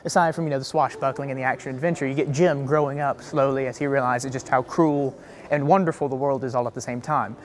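A teenage boy, a young stage actor, eagerly answering interview questions in an articulate, quick way with casual fillers. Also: mid-range voice, steady tone. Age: teens. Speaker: youth theater actor.

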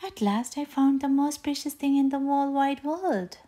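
A woman voicing an eager little female bear cub in a bedtime storybook, high and squealing with wonder. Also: animated, measured pace, dark tone. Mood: excited.

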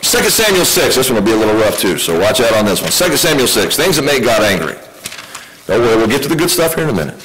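Man preaching with lively questions. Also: medium pitch, fast, noisy background. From United States. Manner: conversational preaching, asks the congregation questions. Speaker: pastor. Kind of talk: sermon.

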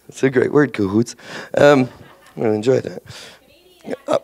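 A man's voice: medium pitch, normal speed, gravelly, long pauses, a little mellow. A man with a Canadian accent, a voice actor speaking on a convention panel, giving career tips in a rambling, jokey way full of restarts. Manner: rambling, jokey, self-interrupting.

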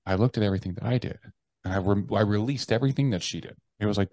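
A man in his thirties talks very fast as a podcast guest, telling his story candidly in a low, slightly mellow voice. He's blunt and swears freely, often breaking off and restarting his sentences. The recording is dry and close to the mic, with no room echo.

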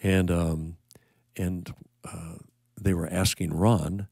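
Low-pitched and steady, this older man from the United States has a creaky, darkish, slightly rough voice. He rambles casually while welcoming viewers to his worship livestream, filling pauses with plenty of uh and um. The recording is dry with clean studio sound.

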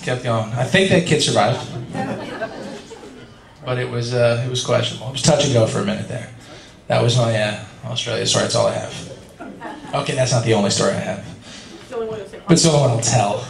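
Speaking a little fast in a mid-range, creaky voice with long pauses, a man in his forties from California shares stories on a convention panel. His Q&A manner is chatty and self-deprecating, and he laughs a lot. Crowd sounds fill the echoey hall around him.

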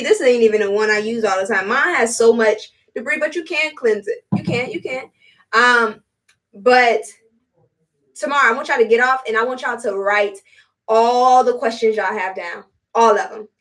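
Selling spiritual products on a laid-back live stream, this female host talks at a fairly high, somewhat bright pitch. Her patter is chatty, repetitive and full of blunt slang, and her voice sits far from the microphone.

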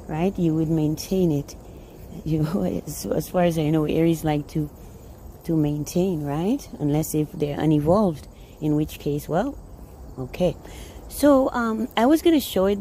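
A woman's voice: deep voice, dark tone, a little hiss or hum, rough recording. A woman talking casually while she waters her garden outdoors, rambling, laughing and repeating words. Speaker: vlogger. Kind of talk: casual chat.

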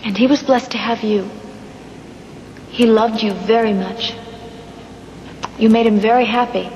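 Actress doing a protective soap-opera daughter, high, insistent, studio reverb. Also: female voice, steady tone, a little slow, darkish tone, a little hiss or hum, close to an everyday voice. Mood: consoling. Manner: insistent, reassuring. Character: devoted adult daughter, forceful and protective. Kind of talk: 1990s daytime soap acting.

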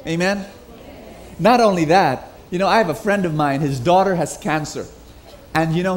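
A Filipino man preaching a sermon, energetic, getting the congregation to repeat phrases after him. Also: high voice. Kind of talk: sermon with call and response. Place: large hall with congregation.

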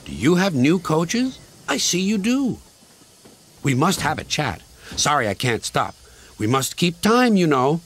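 A man's voice: on the high side, sing-song, measured pace, slight background noise, voice pushed up. A man voicing a haughty, grumpy male steam engine in a snooty, complaining manner. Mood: haughty sulky. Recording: music playing loudly behind.

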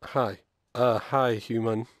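A man voicing a crude, cheeky male pet dog, talking in a dry, deadpan inner monologue. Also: mid-range voice, slow, natural voice. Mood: bemused.

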